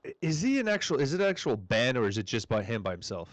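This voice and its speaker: A man's voice: mid-range voice, sing-song, fast, dry recording. A man co-hosting a podcast, talking about music in a laid-back way and swearing freely. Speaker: podcast co-host. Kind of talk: casual chat about music.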